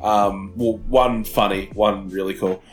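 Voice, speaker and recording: A man's voice: on the low side, fairly even intonation, unhurried, soft background music. A young man, co-hosting a casual podcast, telling stories with lots of swearing and laughter. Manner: swearing, laughing storyteller acting out game chatter. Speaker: podcast co-host. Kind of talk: casual chat.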